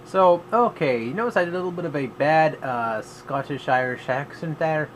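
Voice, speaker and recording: A man's voice: on the high side, lively intonation, moderate pace, a little hiss or hum, rough recording. Rambling, offhand man reviewing a movie. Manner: rambling and offhand, full of fillers and restarts. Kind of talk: casual vlog review.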